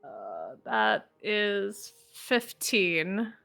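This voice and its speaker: A woman playing in a tabletop game, talking slowly and expressively. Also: mid-range voice, very animated, vocal fry, fairly bright tone, faint music behind. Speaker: player. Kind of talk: tabletop role-play chat.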